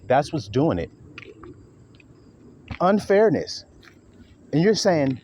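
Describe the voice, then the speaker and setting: A man's voice: on the high side, sing-song, takes it slowly, long pauses, darkish tone, a little hiss or hum. A man preaching an informal sermon, blunt and profane, acting out quarrels in other voices.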